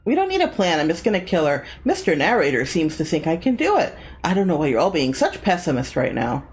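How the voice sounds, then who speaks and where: A woman commentating on her own video game play, sarcastic and playful as she reads out her choices. Her voice is low, yet very lively in pitch. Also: fast talker. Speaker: game streamer. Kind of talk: casual let's-play commentary.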